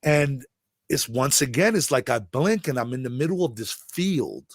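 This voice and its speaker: A middle-aged man from the Bronx tells a long personal story, his voice sitting at an ordinary mid pitch. He rambles and backtracks, leaning on fillers as he searches for words. The sound is dry, with no room echo. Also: sing-song. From the Bronx, New York. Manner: rambling, halting, with many "like" fillers and restarts. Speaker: interview guest. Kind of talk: storytelling interview.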